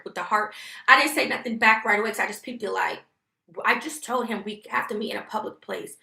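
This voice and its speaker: A vlogger vents a personal story straight to her viewers in a casual storytime, heated, emphatic and profane. Her slightly high voice has a gravelly fry and sounds pushed and bright, and she talks fairly quickly. The audio bounces around an echoey, reverberant room.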